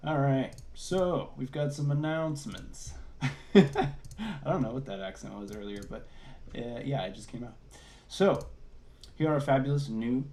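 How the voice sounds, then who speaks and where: A man's voice: medium pitch, mellow. A man, a services and support minister, reading church announcements in an upbeat, enthusiastic way over a video call.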